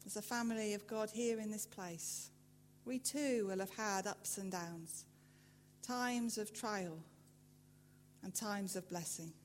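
A woman preacher giving a sermon in a church, telling a story with measured delivery and emphatic rises. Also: mid-range voice. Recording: reverberant church hall with faint hum.

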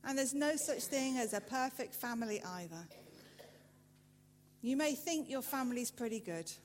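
A woman preacher giving a sermon in a church, telling a story with measured delivery and emphatic rises. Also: on the high side. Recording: reverberant church hall with faint hum.

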